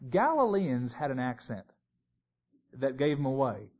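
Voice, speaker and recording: Animated man teaching a sermon. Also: mid-range voice, measured pace. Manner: conversational, with joking asides. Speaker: Bible teacher. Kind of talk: expository Bible teaching sermon. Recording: dull lo-fi recording.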